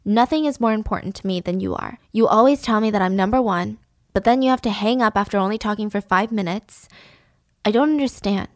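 A woman's voice: mid-range voice, brisk, no room sound, lightly acted. A woman reading out letters of a lovesick, hurt young woman, close to her own voice. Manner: hurt, pleading.

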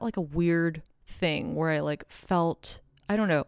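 Podcast co-host on a video call: a woman with a smooth, lower voice telling a story in a lively, rambling way, with a dry sound. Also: takes it slowly, dry recording. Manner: animated, swearing, many fillers. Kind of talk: casual storytelling chat.

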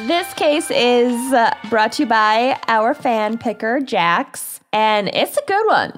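A woman's voice: a little high, very animated, slow, soft background music. A woman podcast co-host in casual storytelling mode, talking through a true-crime case with giggles and read-out quotes. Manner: chatty, giggly, reads out quotes.

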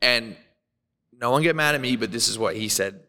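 Bright, crisp Australian man telling wild stories. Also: medium pitch, fairly quick, big-room sound. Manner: animated, profane, laughs often, acts out quotes. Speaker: podcast guest. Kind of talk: casual storytelling.

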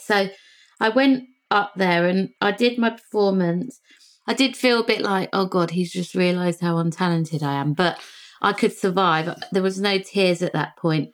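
A singer appearing as a podcast guest tells lively stories in casual conversation, speaking at a medium pitch. She's animated and acts out the voices of the people in her tales.

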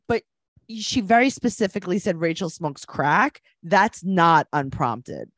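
A woman's voice: lowish voice, lively intonation, no room sound, studio quality. Gossipy woman co-hosting a chat show. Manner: playful, gossipy, quick jokes and mock voices. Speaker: podcast co-host. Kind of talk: casual chat recapping a reality show.

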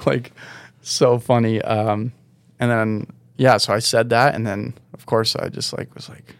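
A young man with a gravelly voice tells a story in a casual podcast chat. He rambles loosely, leaning on "like" and "dude". His sound is dry and close to the mic. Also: medium pitch, fairly even intonation, normal speed, a bit bright, no echo. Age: young adult. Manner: rambling, laid-back, filler-heavy with "like" and "dude". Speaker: guest snowboarder.

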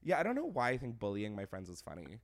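A young man hosting a podcast, chatting casually in a gossipy, animated way, laughing often and saying "like" a lot. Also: lowish voice, fast. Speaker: podcast host. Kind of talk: casual chat.

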